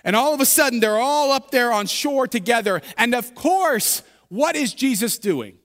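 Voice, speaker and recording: A man pastor delivers a sermon like a humorous story told to friends. His voice sits very high and sounds bright and forceful. The long reverb of a large church sanctuary trails behind each phrase. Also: expressive, moderate pace.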